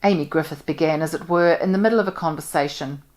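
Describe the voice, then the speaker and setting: Low-voiced woman reading a novel. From New Zealand. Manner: expressive, measured. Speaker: audiobook reader.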